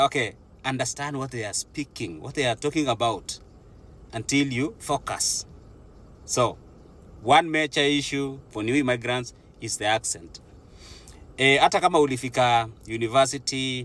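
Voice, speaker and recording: A man's voice: medium pitch, fairly bright tone. A young Kenyan man with a Kenyan accent, talking casually to his viewers and mixing English with Swahili as he goes. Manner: mixes English with Swahili, chatty and laughing. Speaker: vlogger. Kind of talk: casual talk to camera.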